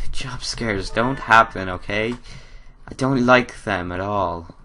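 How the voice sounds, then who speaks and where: Young male let's player; jokey, laughs often, slow pace, lowish voice. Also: pushed and bright, a little hiss or hum. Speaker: gamer. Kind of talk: let's play commentary.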